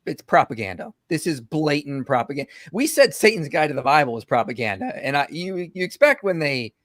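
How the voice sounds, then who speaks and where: A man hosting an apologetics livestream, talking in animated bursts with fillers as he comments on a video. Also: on the high side, dry recording, studio quality. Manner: animated, rushes ahead in bursts, many fillers.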